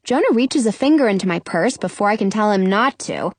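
Expressive woman reading a children's book. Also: medium pitch, a little fast, no room sound. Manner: expressive, storytelling first-person. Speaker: audiobook narrator. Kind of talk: children's audiobook narration.

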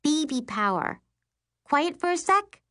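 Lady putting on a squeaky little sister, geeky and whiny, storybook kid voice. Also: very animated, a little slow, sharp tone, heavily acted. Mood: eager. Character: sleepy, bookish little sister, young girl. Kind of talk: audiobook character voice.

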